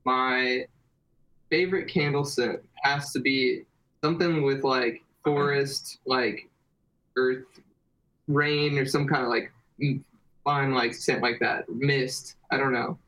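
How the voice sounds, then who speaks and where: A man's voice: medium pitch, fairly even intonation, slow, a bit bright, low-quality recording. Easygoing, rambling male band guest. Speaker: guest, band singer and guitarist. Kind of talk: casual interview chat.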